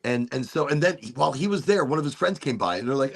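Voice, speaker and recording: Husky gravelly guy yapping a story, voice jumps all over, cusses a lot. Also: mid-range voice, fast, few pauses. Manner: animated, swearing, slips into mock British accents for quoted people. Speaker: host. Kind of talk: casual storytelling chat.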